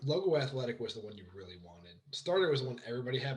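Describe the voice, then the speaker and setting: Excited man rambling about football. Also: medium pitch, very fast, rough recording. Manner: excited, rambling, lots of fillers and restarts. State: hoarse from shouting. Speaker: podcast co-host. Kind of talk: casual sports chat.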